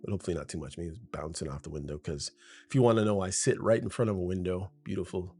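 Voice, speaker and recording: With soft background music, a man whose voice sits low, darkish and husky talks at a quick pace. He's hosting his own podcast, wandering off script in a relaxed monologue as if to his best friend. He records into a studio mic with a foam shield, in a room by a window at home.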